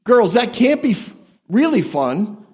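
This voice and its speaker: A man preaching a sermon as an animated, joking storyteller, swinging from quiet asides to excited peaks. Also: very high-pitched, measured pace, dull audio.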